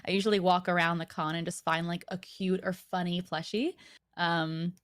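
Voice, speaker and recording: A woman's voice: lowish voice, steady tone, normal speed, no echo, clean studio sound. A young woman streamer chatting casually, rambling with lots of filler "like"s and frequent giggles. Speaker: VTuber streamer and voice actor. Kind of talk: casual chat.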